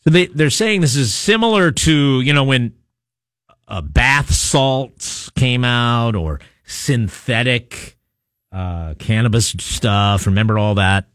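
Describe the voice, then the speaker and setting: A man's voice: medium pitch, animated, slow, fairly bright tone, smooth, no echo, clean studio sound. A man hosting a talk radio show, reading a news story and taking texts with wry, chatty asides. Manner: conversational, wry asides, frequent uh fillers. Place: radio studio. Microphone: studio microphone.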